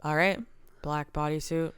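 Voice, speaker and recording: Low-voiced woman podcast co-host. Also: measured pace, clean tone, no echo. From Canada. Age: 30s. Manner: animated, swearing, laughing. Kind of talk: casual chat.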